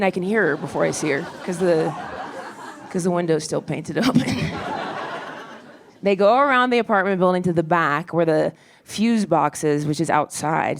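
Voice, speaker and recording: A woman's voice: on the low side, vocal fry. Wry woman comic telling a story. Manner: quick, wry, self-deprecating. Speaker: stand-up comedian. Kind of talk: stand-up storytelling. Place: comedy club stage. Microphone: handheld stage mic. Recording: live club recording with crowd noise. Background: audience laughter.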